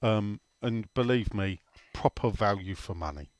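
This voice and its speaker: Bloke chatting football, up and down voice, teasing, dry close sound. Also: male voice, on the low side, animated, measured pace, a little mellow, dry recording. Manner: chatty, teasing, answers listener questions. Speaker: podcast co-host. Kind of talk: casual football chat.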